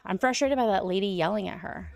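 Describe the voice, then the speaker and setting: A woman's voice: medium pitch, moderate pace, vocal fry, a little mellow. A young adult woman chatting casually while streaming a game, rambling and laughing often. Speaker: gaming streamer. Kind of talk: casual live stream chat.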